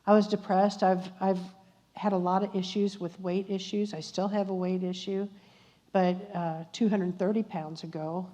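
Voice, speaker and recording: A woman's voice: mid-range voice, warm tone. An older woman tells a personal faith story at a church luncheon, acting out the dialogue with asides to the audience. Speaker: guest speaker at a church luncheon. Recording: muffled recording in a reverberant church hall.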